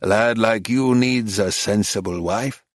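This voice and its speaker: A man voicing a wry, grave outback lawman who speaks in a slow drawl with dry, deadpan teasing. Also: lowish voice, no echo. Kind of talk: audiobook character voice.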